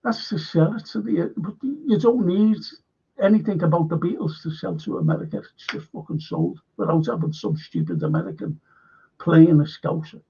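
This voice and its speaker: A man's voice: high-pitched, sing-song, normal speed, gravelly, mellow, slightly rough. A man hosting a live stream, rambling bluntly and swearing often. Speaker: show host. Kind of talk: casual live-stream chat. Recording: dull lo-fi stream audio.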